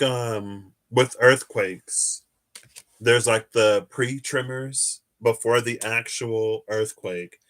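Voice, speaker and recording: A man's voice: on the low side, fairly bright tone. A man hosting a live tarot stream, chatting casually and answering viewers' questions as he wanders through his thoughts.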